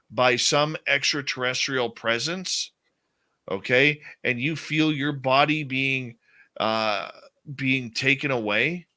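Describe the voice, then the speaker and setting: A man's voice: mid-range voice, bright, forceful tone. A man hosting a late-night radio show, talking with passion and stressing his points with a repeated "okay?".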